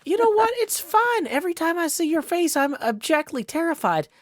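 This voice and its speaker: A man's voice: extremely high pitch, very animated, moderate pace, no echo, clean studio sound. A man giving casual gameplay commentary into a desk microphone, thinking aloud, questioning himself and joking playfully. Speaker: Minecraft server player.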